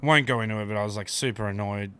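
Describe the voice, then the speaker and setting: A comedian with an Australian accent, telling stories in a rambling, casual podcast chat. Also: male voice, fairly low pitch, fast, pushed and bright, clean tone. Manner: rambling storyteller, trailing asides. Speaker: comedian guest.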